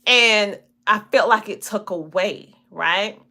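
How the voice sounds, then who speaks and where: A woman in her forties with a broad Southern US twang, chatting casually to a livestream audience. Her voice is bright and forward, and her words stretch and wander the way a country drawl does. She laughs easily between her points. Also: medium pitch, takes it slowly. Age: 40s. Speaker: podcast host and coach. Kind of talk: casual livestream talk to viewers.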